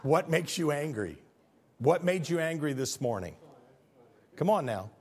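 Guy pastor preaching, fairly high voice, jokey, lots of rhetorical questions to the crowd. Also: a little slow. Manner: humorous, animated storytelling with rhetorical questions. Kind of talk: sermon.

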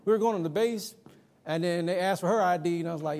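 A man's voice: sits high, quick pace, a little mellow. A middle-aged man preaching a sermon to young people, chatty and emphatic, telling personal stories. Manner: conversational, personal anecdotes, emphatic.

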